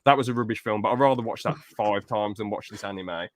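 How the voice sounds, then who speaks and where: A man's voice: lowish voice, fast talker, no echo, studio quality. A man chatting on a podcast, rambling and opinionated, swearing casually about films he dislikes. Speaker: podcast co-host.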